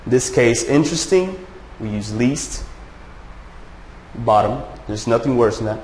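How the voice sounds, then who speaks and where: A man teaching an English grammar lesson to a class. He checks in often with "all right?" and "okay?" and slows down to stretch out his example sentences. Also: mid-range voice, steady tone, darkish tone. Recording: echoey room with faint noise.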